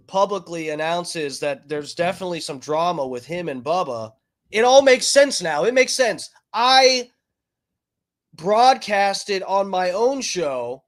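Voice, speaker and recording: High-pitched guy rambling on his stream, swearing a lot, lots of ums and restarts. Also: fairly bright tone. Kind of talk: casual ranting story.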